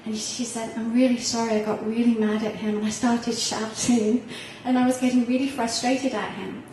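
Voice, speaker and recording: A woman's voice: a little high, level tone, moderate pace, a little mellow, slight background noise. A middle-aged woman, a parent on a panel, telling a heartfelt personal story with some laughter, recorded from a distance in a hall. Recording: echoey room heard from far off.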